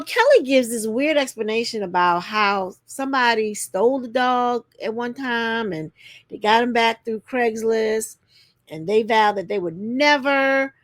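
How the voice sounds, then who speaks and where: This is a woman hosting a relaxed reality TV recap, direct with viewers and full of sass. She acts out quoted lines in an exaggerated voice with pitch jumps, captured with clean studio sound and no room echo.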